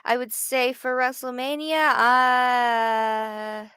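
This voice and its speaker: Chatty Canadian woman, smooth higher voice. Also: little pitch movement, very slow, sharp tone, no room sound. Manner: chatty, laughs often, trails off mid-thought. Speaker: co-host of a wrestling watch party. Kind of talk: casual live-stream chat.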